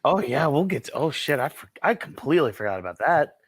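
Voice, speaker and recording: Animated guy on a podcast, swears a ton, dry mic, no room sound. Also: a little high, fast talker, slightly rough, no room sound. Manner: profane, animated, mocks crowds in shouted put-on voices. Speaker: podcast co-host. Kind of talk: casual review chat.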